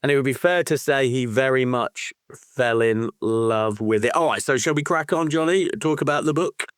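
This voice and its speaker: A man co-hosting a football book podcast, talking in an animated, excitable way, swearing freely and laughing often. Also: medium pitch, moderate pace, clean tone, dry recording, studio quality. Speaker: podcast co-host. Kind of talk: casual book-club chat.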